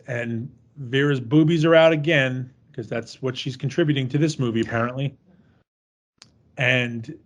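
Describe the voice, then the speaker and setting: A man co-hosting a podcast, retelling a horror movie's scenes in a crude, joking way and laughing as he goes. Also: fairly high pitch. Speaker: podcast co-host. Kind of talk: casual movie recap.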